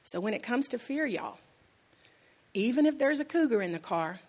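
A woman's voice: a little high, lively intonation, normal speed, darkish tone. A woman pastor giving a sermon in a conversational, storytelling way, repeating key lines for emphasis.

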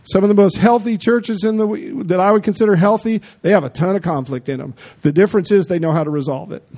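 A man delivers a sermon in a fairly high voice with a warm, mellow tone. He preaches emphatically but conversationally, repeating his points and turning to the congregation with quick asides. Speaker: pastor.

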